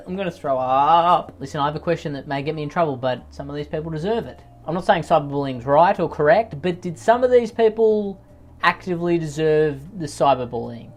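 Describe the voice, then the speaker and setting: A man doing comedic commentary on read-out posts, reacting in exaggerated rants with sudden loud outbursts. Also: fairly high pitch, a little fast.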